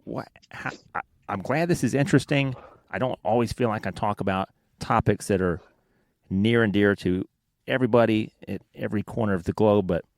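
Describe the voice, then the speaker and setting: A man with a Southern American accent hosting a casual podcast, telling rambling, self-deprecating stories. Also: on the low side. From Alabama, United States. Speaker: podcast host.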